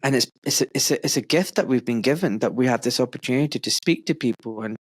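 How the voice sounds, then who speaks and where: A man's voice: mid-range voice, quick pace, slightly rough, dry recording. Effusive Glaswegian man, dry close sound. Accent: Glaswegian Scottish. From Scotland. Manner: earnest, effusive, rambling with fillers. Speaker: podcast host. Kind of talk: warm conversational interview.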